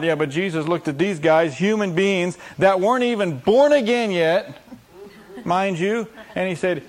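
Man, slightly high voice, lively sermon delivery, repeats key lines. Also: moderate pace, a faint crowd. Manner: animated, acts out scripture voices, repeats phrases for emphasis. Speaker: preacher.

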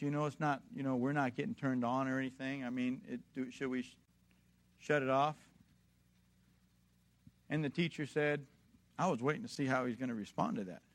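A man preaching a sermon to a congregation, emphatic and fond of rhetorical questions, building from quiet storytelling to loud exhortation. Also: mid-range voice, fairly even intonation, normal speed, long pauses.

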